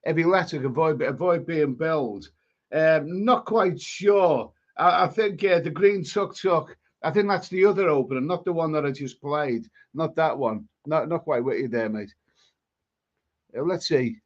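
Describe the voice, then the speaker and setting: A man's voice: a little high, a little slow, dull audio. A man with a Scouse accent hosting a live stream, chatting casually and rambling through viewer comments with many restarts. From England.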